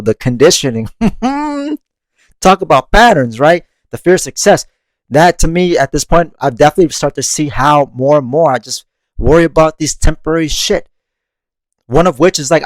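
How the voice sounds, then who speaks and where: A man's voice: on the high side, lively intonation, normal speed, dry recording. A man hosting a monthly meditation podcast, reflecting on growth in a casual, conversational way, laughing often and swearing casually. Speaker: podcast host.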